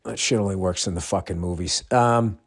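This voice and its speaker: 50s guy, slightly low voice, cussing nonstop on his podcast, rambly and exasperated. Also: a little fast. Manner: profane, rambling storyteller with frequent swearing; exasperated, incredulous ranting. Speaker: podcast host. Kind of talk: casual solo ranting monologue.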